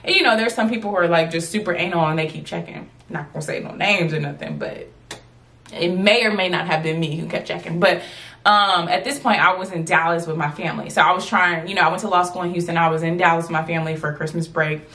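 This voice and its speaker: A woman's voice: fairly low pitch, fast talker. Chatty twenty-something woman vlogger. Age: 20s. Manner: animated, chatty, addresses viewers as y'all. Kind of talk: storytime vlog.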